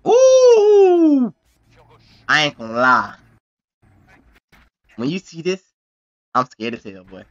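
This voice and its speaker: A man hosting a reaction video, with excitable, exclamatory commentary full of profane slang. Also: high voice, takes it slowly, pauses often, dull audio.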